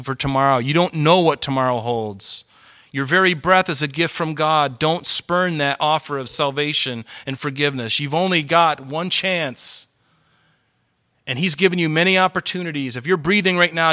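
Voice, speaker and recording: Pastor guy preaching, real fired up and chatty, bright punchy voice, kinda high for a man. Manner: fervent, worked up, conversational. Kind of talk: sermon. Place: church hall with congregation.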